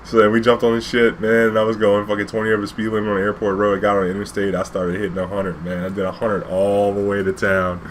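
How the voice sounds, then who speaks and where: Low-voiced man telling a cab story. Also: flat delivery, fast talker, hardly any pauses, a little hiss or hum. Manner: loose and rambling, frequent fillers and swearing. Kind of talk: casual spoken anecdote.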